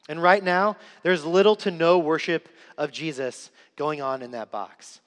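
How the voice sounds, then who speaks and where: A young man delivers an earnest sermon, repeating key lines for weight. His voice is fairly high for a man. A long hall reverb trails every phrase. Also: moderate pace, hardly any pauses. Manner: earnest storytelling with emphatic repetition. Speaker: preacher. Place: church sanctuary.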